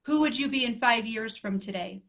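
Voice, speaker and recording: A woman's voice: on the high side, moderate pace, fairly bright tone. A woman life coach giving an emotional motivational talk to her group, earnest and emphatic, asking question after question. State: emotional, close to tears.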